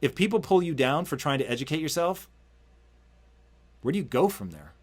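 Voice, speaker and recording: A man hosting an interview, telling a long story in a casual, energetic way and swearing freely. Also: a little high, normal speed. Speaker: podcast host.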